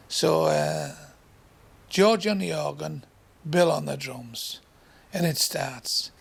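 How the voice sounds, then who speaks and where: A man from England doing crude, swearing stand-up storytelling, acting out voices and sounds along the way. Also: a little high. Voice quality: gravelly. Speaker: stand-up comedian.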